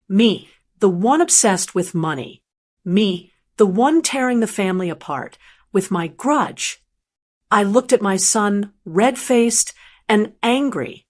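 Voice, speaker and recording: An older woman giving a calm, measured first-person story narration. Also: medium pitch.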